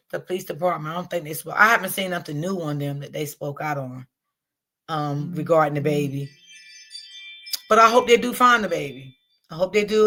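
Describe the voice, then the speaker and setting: A woman with a bright, clear-toned voice hosts a casual livestream. She talks to her chat in a loose, repetitive way, circling back over the same points. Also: medium pitch. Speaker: livestream host.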